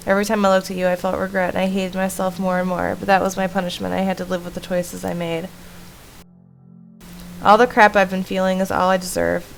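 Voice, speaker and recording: Guilty, defensive young woman in a horror visual novel, gravelly edge, read by a woman streamer. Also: medium pitch, little pitch movement, brisk, soft background music, natural voice, low-quality recording. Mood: remorseful. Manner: defensive, then remorseful.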